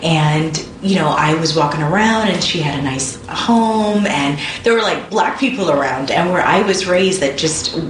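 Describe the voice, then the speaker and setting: A woman's voice: low voice, lively intonation, normal speed, few pauses, a little hiss or hum. A woman speaking in a thoughtful, conversational way during an interview. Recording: echoey room from a distance.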